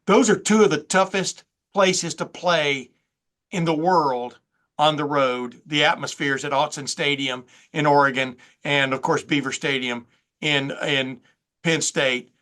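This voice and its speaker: Bright-voiced older man talking football. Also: a little high, steady tone, a little slow. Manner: folksy, rambling, stammers. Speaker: sports reporter host. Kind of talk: casual sports talk.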